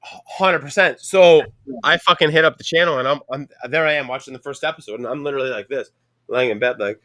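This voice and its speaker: A man's voice: mid-range voice, a little fast, bright, forceful tone, dry recording, studio quality. A man with a Canadian accent hosting a casual chat, telling a rambling story full of profanity. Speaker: podcast host.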